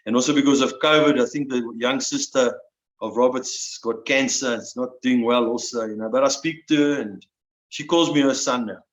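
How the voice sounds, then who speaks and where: A man in his sixties, a veteran guest telling his story in an emotional, halting way, often restarting and repeating words. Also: mid-range voice. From South Africa. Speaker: interview guest, army veteran. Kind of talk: personal storytelling. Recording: roomy, dull lo-fi sound.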